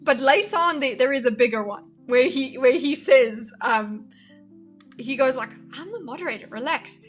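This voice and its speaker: A woman's voice: sits high, a little slow, soft background music. A woman streamer giving casual commentary on a debate clip, thinking aloud with many fillers and restarts and replying to her live chat. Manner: reads and answers live chat.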